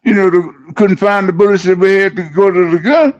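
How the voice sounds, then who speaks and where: An older man with a gruff, blunt way of talking, peppering his speech with curses. His voice runs notably high for a man. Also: steady tone, fairly quick, a little mellow, highs cut off. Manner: gruff, cursing, blunt interjections. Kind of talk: casual chat.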